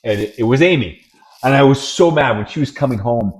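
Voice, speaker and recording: A middle-aged man co-hosting a podcast, telling family stories in a blunt, animated, no-nonsense way. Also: mid-range voice, brisk. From Italian family. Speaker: podcast co-host. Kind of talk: casual chat.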